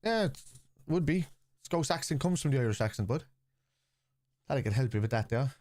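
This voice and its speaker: A man's voice: mid-range voice, animated, fairly quick, darkish tone, no echo, clean studio sound. A man hosting a live football watchalong, chatting casually and answering viewers' comments.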